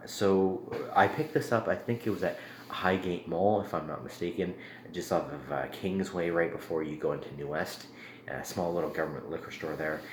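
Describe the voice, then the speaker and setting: A very deep-voiced man talks through a beer review in a loose, rambling vlog manner, filling pauses with ums and uhs. The room sounds echoey, with a faint hum of ambient noise behind him.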